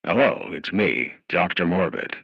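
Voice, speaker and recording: A man doing a slow, pompous impression of an older male politician, with a gravelly, husky voice. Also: sits low, lively intonation, dry recording, highs cut off, pitched below the performer's own voice, full character voice.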